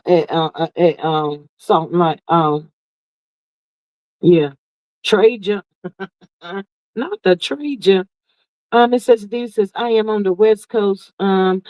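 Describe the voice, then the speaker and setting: A woman's voice: medium pitch, no echo. Sassy lady livestreamer chatting and reading comments, drawly, dull lo-fi sound. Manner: sassy, drawn-out, peppered with "child" and "honey". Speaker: livestream host. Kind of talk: casual livestream chat reading viewer comments.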